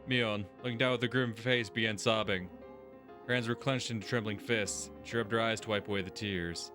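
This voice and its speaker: A man's voice: lowish voice, fairly even intonation, brisk, over music. A man hosting a let's-play video, reading game text aloud and reacting with exasperation and heavy swearing. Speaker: gaming video host.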